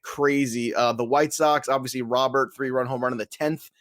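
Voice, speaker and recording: A man co-hosting a sports podcast in a loose, joking way. He laughs often and stays animated as he runs through the scores. His voice sits at a middle pitch and is recorded dry, with no room sound. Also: normal speed, no echo. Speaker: podcast co-host. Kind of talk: casual sports podcast chat.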